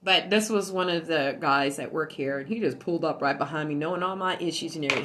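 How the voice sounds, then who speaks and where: A woman chatting casually on a livestream from her home while high on cannabis, telling stories loudly and with lots of animation. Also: fast talker, hardly any pauses. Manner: loud and animated storytelling. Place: at home indoors.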